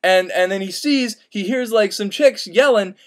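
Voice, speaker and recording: A young man retelling a classic story as comedy in a rambling, profane, excitable way. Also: sits high, normal speed. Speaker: host.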